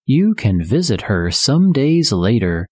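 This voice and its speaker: A reader voicing a friendly, helpful rabbit in a slow storybook reading with a raised, chatty voice. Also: mid-range voice, sing-song, warm tone, husky, dry recording, exaggerated voice.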